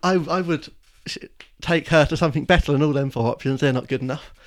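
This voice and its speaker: Brief: man from England, slightly higher voice, halting and sheepish, podcast guest-of-the-quiz energy. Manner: hesitant, restarts and stammers, self-mocking. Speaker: podcast co-host. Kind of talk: casual film podcast chat.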